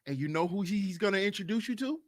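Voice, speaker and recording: A man hosting a livestreamed podcast, talking in an animated, mocking way and often asking "you see?". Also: sits high, quick pace. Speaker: podcast host. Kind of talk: livestream commentary.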